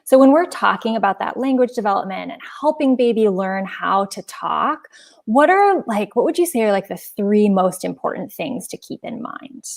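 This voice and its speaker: A woman's voice: mid-range voice, expressive, normal speed, gravelly. A woman interviewer asking casual, conversational questions. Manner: conversational, uses "like" and "you know".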